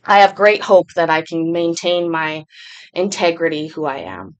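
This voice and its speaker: A woman's voice: lowish voice, normal speed. A woman hosting a casual livestream, chatting with viewers and answering their comments as they come in. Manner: chatty, rambling, reads and answers chat comments aloud. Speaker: livestream host.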